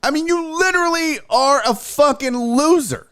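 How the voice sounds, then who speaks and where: A sports show host on a live stream rants in a profane, exasperated way, tossing off sing-song asides that mock others. His voice is very high and a bit bright, delivered at a moderate pace.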